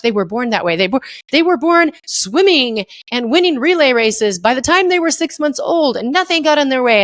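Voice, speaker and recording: A middle-aged woman hosting a casual solo podcast, animated and playful, acting out little voices as she talks. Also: medium pitch, dry recording, studio quality. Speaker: podcast host.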